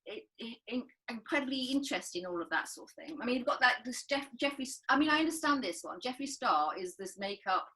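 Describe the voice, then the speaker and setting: A woman's voice: fairly high pitch, expressive, fairly quick, few pauses, bright, forceful tone, rough recording. A woman co-hosting a casual chat podcast, rambling and restarting her sentences, laughing often. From northern England. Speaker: podcast co-host.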